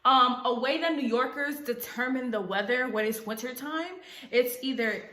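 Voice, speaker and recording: A young woman with a New York accent, casually explaining slang to her camera in an animated, playful way. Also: sits high, normal speed, echoey room. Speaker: vlogger. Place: home room by a ring light.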